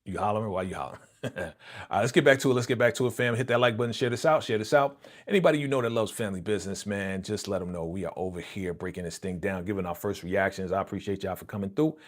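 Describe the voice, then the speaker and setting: Guy doing a reaction vid, kinda low voice, slangy and chatty, keeps chuckling. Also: quick pace. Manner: slangy, chatty, talks straight to viewers; frequent chuckles and repeated phrases. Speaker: reaction channel host. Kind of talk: casual reaction commentary.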